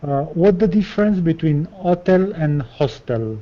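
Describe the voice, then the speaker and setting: A man student in an online English class, reading words carefully and asking a halting question. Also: a little high, animated. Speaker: language student. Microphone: video call. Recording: dull lo-fi video call audio.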